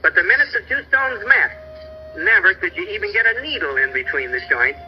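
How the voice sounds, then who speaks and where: Folksy middle-aged man lecturer, high-pitched, on lo-fi archival tape with faint music behind. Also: lively intonation, a little fast, a little hiss or hum. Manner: folksy, pointing out pictures, hunting for names. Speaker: travel lecturer narrating slides. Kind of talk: old slide-show travel lecture.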